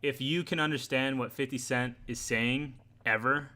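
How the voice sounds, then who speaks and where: Bright-voiced man co-hosting a podcast. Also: medium pitch, steady tone, normal speed. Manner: wry, retells scenes with put-on quotes. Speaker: podcast co-host. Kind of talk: casual chat.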